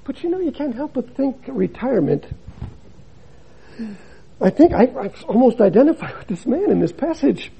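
An older man, a missionary preacher, giving a dramatic sermon that swings between loud emphasis and hushed drops. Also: extremely high pitch, sing-song, moderate pace, creaky, long pauses, breathy edge, low-quality recording.

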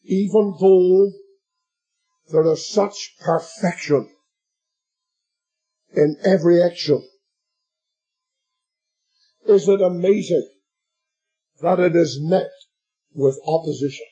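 A man preaching a sermon, slow and emphatic, addressing his listeners as beloved and swelling to shouts at the climaxes. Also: high voice, husky, lo-fi sound, faint music behind.

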